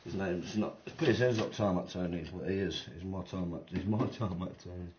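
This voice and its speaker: Speaking at normal speed in a low voice, a middle-aged man streams a racing game, rambling casually with slang and profanity. The mic is distant, the background is noisy, and the home recording sounds roomy and dull.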